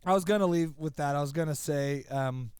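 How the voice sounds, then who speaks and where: A man's voice: a little high, fairly quick, a little mellow, clear, resonant tone, dry recording, studio quality. A man co-hosting a podcast in casual chat, joking and thanking the sponsor. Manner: chatty, reads the sponsor thanks. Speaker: podcast co-host.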